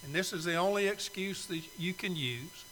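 A male preacher giving a sermon invitation in a church, pleading and swinging from loud urging to soft, hushed appeals. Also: sits high, moderate pace, in a large hall, a little hiss or hum, low-quality recording. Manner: pleading, swells loud then drops soft. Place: church sanctuary.

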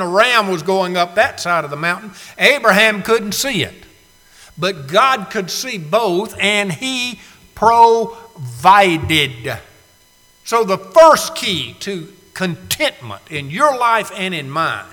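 Man preaching in a reverberant hall. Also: high-pitched. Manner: preaching with dramatic swings from hushed to shouted; drawn-out emphatic words, rhetorical questions. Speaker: pastor. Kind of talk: sermon. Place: church sanctuary. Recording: long reverb of a church hall.

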